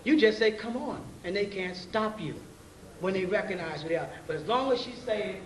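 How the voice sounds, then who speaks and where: Man, high voice, slangy lecturer quizzing his class; distant, roomy 90s tape with faint hiss. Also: fairly quick. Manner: conversational, keeps checking in with rhetorical questions; blunt street slang and profanity. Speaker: teacher leading a class. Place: class meeting room.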